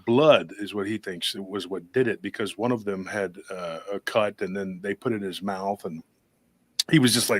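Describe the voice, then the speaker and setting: A man's voice: on the low side, normal speed, no echo. A man hosting a paranormal talk show, telling a long story in a rambling, casual way with many restarts and acted-out quotes. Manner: rambling, restarts often, acts out quoted voices.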